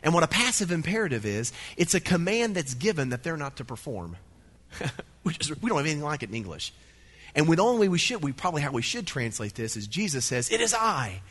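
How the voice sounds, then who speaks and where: A middle-aged man from the United States preaching a sermon, emphatic and animated, with playful asides. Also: a little high, fairly quick, slightly rough. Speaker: pastor.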